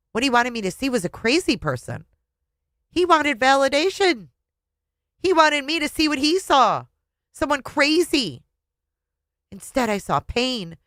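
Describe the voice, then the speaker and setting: With a slightly high voice, a woman who reviews books reads a memoir aloud expressively and emotionally, interjecting her commentary. The recording has no room sound.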